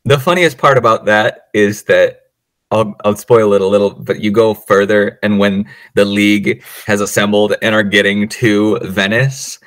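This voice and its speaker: A podcast co-host recaps a movie in casual conversation, acting out the characters' lines and laughing often as he tells the story with energy. His voice is lowish at a normal speed, recorded with no room sound.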